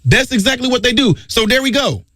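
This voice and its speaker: A man's voice: very high voice, big pitch swings, brisk, pushed and bright, no room sound, studio quality. A man hosting a talk radio show, delivering an emphatic, preachy monologue and repeating his key phrases.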